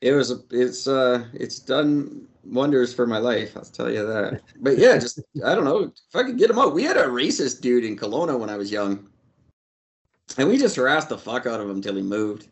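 A man's voice: mid-range voice, expressive, moderate pace. A man co-hosting a casual chat over a video call, dropping wry quips. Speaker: podcast co-host.

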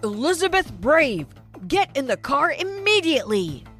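A woman reading the lines of a stern father who shouts orders at his daughter, in a story narration. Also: sits high, big pitch swings, moderate pace, soft background music. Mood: furious. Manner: commanding, forceful shouting. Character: stern father of a teenage girl.

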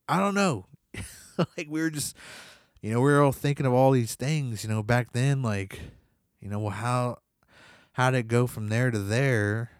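A man's voice: medium pitch, normal speed, no room sound, studio quality. A young man casually telling a spooky personal story, rambling with lots of "like" and "you know.". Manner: swears in quoted reactions. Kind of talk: casual spoken ghost story.

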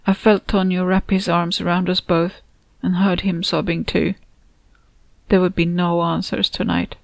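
Gravelly-voiced woman narrating a story. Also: on the low side, flat delivery, a little slow. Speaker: author and narrator. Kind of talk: audiobook narration.

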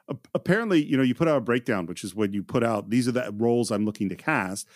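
A man hosting a casual film-discussion podcast, animated and often restarting his sentences. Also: mid-range voice, fast, no echo, clean studio sound. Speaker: podcast host.

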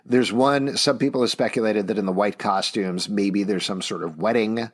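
A man's voice: on the low side, moderate pace. A man in his thirties, co-hosting a podcast, talking eagerly and often chuckling in casual discussion. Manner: animated, enthusiastic, chuckles often. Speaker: podcast co-host.

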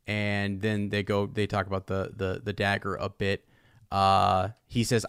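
A man's voice: fairly low pitch, monotone, normal speed, fairly bright tone, clear, resonant tone, no echo, studio quality. A man who hosts a podcast, reading passages from a book aloud and chatting about them casually. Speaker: podcast host.

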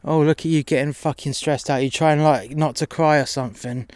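A man's voice: fairly high pitch, steady tone, a little fast, darkish tone, dry recording, close to an everyday voice. A man playing a sneering pimp boss. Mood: mocking. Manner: swearing, mocking, boastful.

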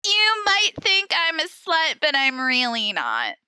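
A woman's voice: sits high, wildly swooping pitch, slow pace, bright, forceful tone, dry recording. A young woman co-hosting a podcast, reading fan fiction aloud in a comic, dramatic way and often breaking into giggles.

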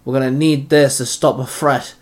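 A man's voice: mid-range voice, steady tone, moderate pace, close to an everyday voice. A man voicing a determined young male ranger hero in a read-aloud story.

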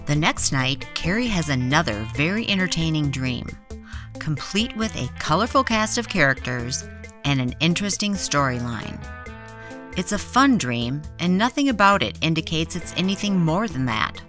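A podcast host with a very low but lively voice reads her scripted narration with a teasing lilt. Her tone is bright, and faint music plays under her. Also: normal speed. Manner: smooth, teasing narrator delivery.

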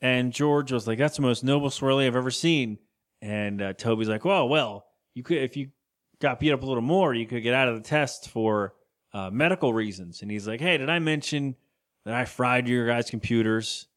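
A man's voice: medium pitch, moderate pace. A man co-hosting a podcast, chatting casually as he recaps a cartoon episode, rambling and laughing often. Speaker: podcast co-host.

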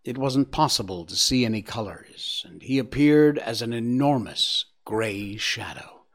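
A man reading a storybook aloud with an expressive, varied delivery. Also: mid-range voice, measured pace. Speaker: narrator.

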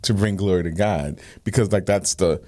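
A man's voice: deep voice, moderate pace, a little mellow. A man co-hosting a Christian podcast, talking casually and often asking "you know what I mean". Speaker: podcast co-host. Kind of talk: casual faith discussion.

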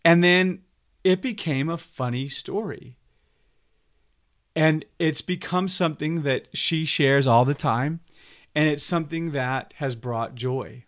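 A man co-hosting, calmly reflecting on a story and drawing a lesson from it. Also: on the high side, slow. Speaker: podcast co-host. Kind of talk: reflective commentary.

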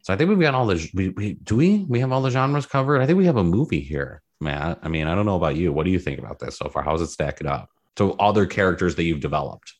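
A man's voice: sing-song, fast, few pauses. A man co-hosting a podcast in playful casual chat, his voice jumping up on emphasis. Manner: playful, jumps up in pitch on emphasis. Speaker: podcast co-host.

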